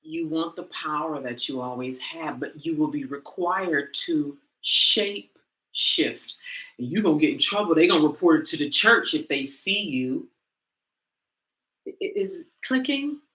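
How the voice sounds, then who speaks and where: A woman coach giving a lively motivational talk to a group, addressing them directly in a conversational way. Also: low voice, a little slow, reverberant. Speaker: women's coach and teacher.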